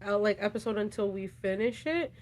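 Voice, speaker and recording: A woman's voice: mid-range voice, expressive, brisk, darkish tone, slight background noise. A woman co-hosting a livestream in easygoing, chatty talk, laughing often. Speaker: livestream co-host. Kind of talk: casual livestream chat.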